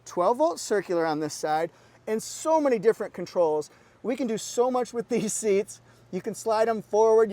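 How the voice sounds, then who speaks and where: A man's voice: sits high, expressive, normal speed, mellow. A middle-aged man giving an upbeat, enthusiastic walkaround review of a car at a dealership, exclaiming as he points out features.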